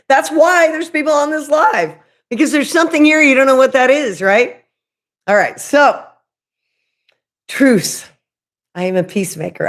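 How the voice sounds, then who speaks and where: A woman with a fairly high voice chats on her own livestream about spiritual matters. She is loud and candid, rambles, circles back to restart her sentences, and swears casually as she goes. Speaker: livestream host.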